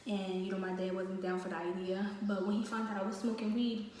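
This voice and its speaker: A woman's voice: medium pitch, level tone, fairly quick, a little mellow. Young woman, chatty, in a very echoey room. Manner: chatty, with many fillers. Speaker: storyteller. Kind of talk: casual storytime vlog. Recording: very echoey room, distant mic, faint noise.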